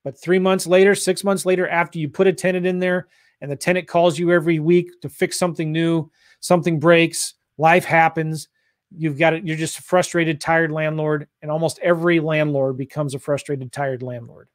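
A man from St. Louis coaching real estate investors on a livestream, pushing hard in an energetic sales style. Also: on the high side, moderate pace, dry recording, clean studio sound. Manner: pushy, energetic sales talk.

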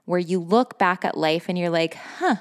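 A woman podcast host speaks in a somewhat low voice, unguarded and effusive as she tells her own story. She swears without a second thought and scatters "like" through every sentence. Bursts of laughter keep breaking into her phrases. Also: steady tone, normal speed, clear, resonant tone, big-room sound. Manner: candid and effusive, swears freely, heavy use of "like"; laughs often between phrases. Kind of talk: casual personal storytelling.

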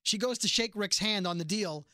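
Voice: mid-range voice, normal speed, dry recording, studio quality. A podcast host recapping a TV episode in casual chat, acting out the characters' lines as they go. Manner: animated retelling, acts out quoted lines.

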